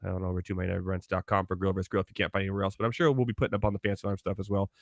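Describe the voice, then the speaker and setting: A man hosting a casual podcast, upbeat and quick to laugh, plugging the show and chatting with guests. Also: low-pitched, little pitch movement, vocal fry, no echo, clean studio sound. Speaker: podcast host.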